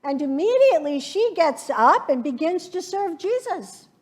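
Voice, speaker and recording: A woman pastor preaching a sermon, slow and reflective, painting scenes from scripture for her congregation. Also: extremely high pitch, very animated, darkish tone.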